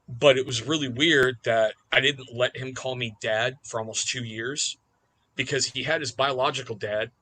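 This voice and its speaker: A man's voice: mid-range voice, bright, forceful tone, poor audio. A man who is a podcast guest, openly telling heartfelt personal stories in casual conversation. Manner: open, heartfelt storyteller. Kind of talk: casual storytelling.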